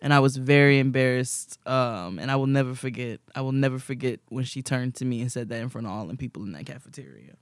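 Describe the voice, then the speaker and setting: A young man, a podcast co-host, telling rambling, animated stories in casual chat and laughing often. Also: mid-range voice, fast talker, hardly any pauses, clean tone, dry recording.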